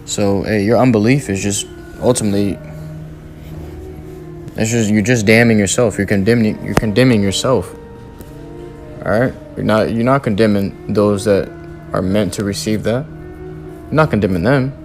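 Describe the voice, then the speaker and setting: A man preaching a sermon, reading scripture aloud and driving points home in forceful, repetitive, slangy talk. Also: lowish voice, normal speed, pauses often, soft background music.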